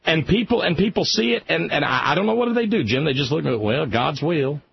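A man's voice: a little high, expressive, brisk, creaky, husky, no echo. A man hosting a radio talk show, speaking with passion and frequent stammering restarts. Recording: muffled lo-fi radio broadcast.

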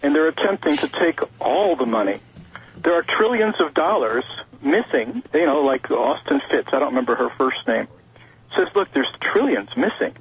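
A man's voice: on the high side, sing-song, moderate pace, breathy edge. A man calling in to a talk radio show, rambling with fillers and restarts, heard over a phone line. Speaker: caller. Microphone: telephone.

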